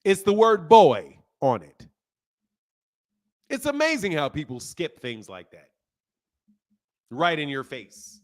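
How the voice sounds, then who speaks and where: A high-pitched man lecturing his livestream chat. He talks heatedly and uses loose slang. He repeats words over and over as he drives his point home. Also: big pitch swings, slow pace, pauses often. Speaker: livestream host. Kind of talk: casual livestream talk, answering chat.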